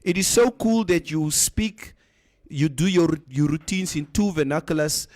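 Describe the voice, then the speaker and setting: A man hosts a morning radio show, reading listener comments in an animated, easy way. His voice sits a little high for a man, and he drops Afrikaans phrases into his English. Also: unhurried.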